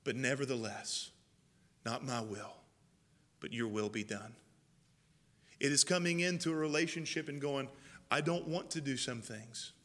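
A male pastor preaching a sermon, moving from loud calls to hushed, prayerful quoting. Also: on the high side. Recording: long reverb of a large hall.

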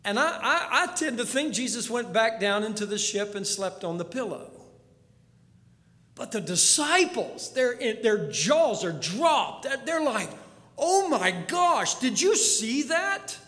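A man preaching a sermon as a storyteller, dropping to a hush and then rising to urgent pleas. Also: sits high, very animated, measured pace. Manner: storytelling, swings from hushed to urgent. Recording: long hall reverb.

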